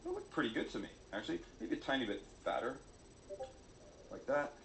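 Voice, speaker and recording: A man's voice: medium pitch, huge pitch swings, fairly quick, vocal fry, a bit bright, roomy sound, a little hiss or hum. Joking man demonstrating a recipe. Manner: jokey, self-mocking, chatty. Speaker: cooking show host. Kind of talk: cooking demonstration video.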